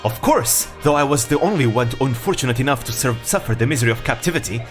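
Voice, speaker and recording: A man's voice: mid-range voice, expressive, quick pace, soft background music, lightly acted. A man voicing an overly emotional young male knight who gushes with loyalty, in a video game playthrough. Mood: devoted. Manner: theatrical, gushing, dramatic sobbing delivery.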